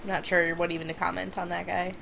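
A woman's voice: fairly low pitch, little pitch movement, fast, creaky, background noise. A young woman co-playing a horror game, dry and teasing, giving her friend directions. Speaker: let's play co-player. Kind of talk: casual co-op gameplay chat. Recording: game sounds loud behind voice.

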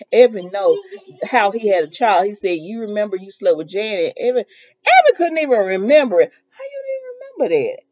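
A woman's voice: medium pitch, mellow, dull audio. A woman casually recapping a soap opera episode, animatedly acting out the characters' lines and laughing often as she goes. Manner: laughs often while talking.

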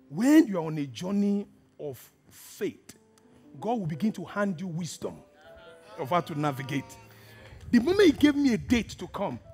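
Pastor preaching, high lively voice, a bit husky, soft music under it. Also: male voice. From Nigeria. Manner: animated storytelling, acts out dialogue, drops to hushed asides. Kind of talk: sermon with personal story.

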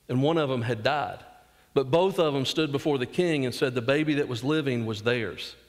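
A man with a Southern US accent preaching a sermon as pastor, earnest, acting out quotes and dropping asides to the congregation. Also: medium pitch. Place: church sanctuary. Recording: long church reverb.

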